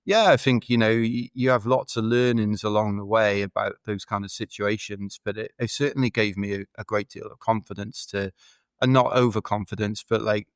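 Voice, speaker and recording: A man's voice: lowish voice, fairly even intonation, normal speed, smooth, dry recording. A man from the United Kingdom, a podcast guest, telling rambling, chatty stories full of fillers in a casual interview. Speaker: podcast guest, ultra runner.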